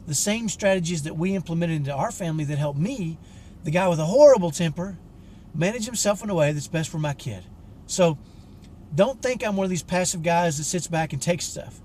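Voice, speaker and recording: A man's voice: high-pitched, darkish tone, a little hiss or hum. A man in his fifties, a coach for fathers, telling a personal story to camera in an earnest, direct way. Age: 50s. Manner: earnest and direct, frank about his temper.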